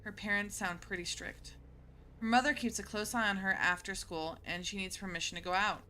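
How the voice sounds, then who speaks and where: A woman's voice: medium pitch, fairly even intonation, a little fast, pushed and bright. A woman streamer casually reading and chatting through a story game, laughing often. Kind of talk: casual let's-play commentary and reading.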